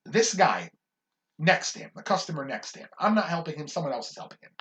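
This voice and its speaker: A man co-hosting a podcast, telling a workplace story in an animated, casual way with plenty of swearing. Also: a little high, fast. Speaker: podcast co-host.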